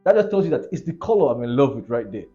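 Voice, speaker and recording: A man, the host's husband, chatting as a guest in an animated, playful, laughing way. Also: mid-range voice, quick pace. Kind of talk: casual chat. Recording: dull lo-fi sound, faint music.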